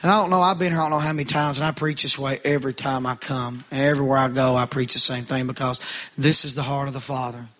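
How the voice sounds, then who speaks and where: A man's voice: mid-range voice, fairly even intonation, quick pace, pushed and bright. A middle-aged man preaching a sermon, calling out to the congregation with rising fervor.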